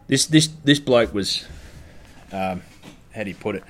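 Blunt Australian bloke, lowish voice. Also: male voice, animated, a little slow, pauses often, fairly bright tone, a little hiss or hum. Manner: blunt, heavily profane, exasperated ranting. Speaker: stand-up comedian. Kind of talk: casual monologue storytelling.

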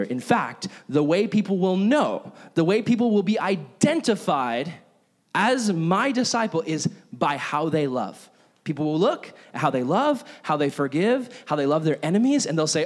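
A man preaching a sermon as a pastor, telling a story in an animated way and acting out its characters. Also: sits high, normal speed.

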